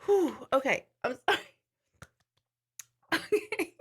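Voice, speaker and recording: A woman's voice: high-pitched, animated, slow pace. A woman hosting a casual live chat with viewers, breaking into laughing fits, tired, apologizing and swearing as she tells a story. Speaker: livestream host.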